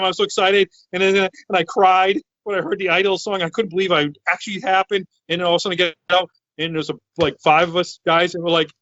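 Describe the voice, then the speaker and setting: This podcast co-host, an excitable man in his thirties from Massachusetts, loudly rambles through a casual story and keeps starting over. He has a bright, forceful, slightly high voice. With no room sound, the recording feels dry and somewhat dull, like a lo-fi online call.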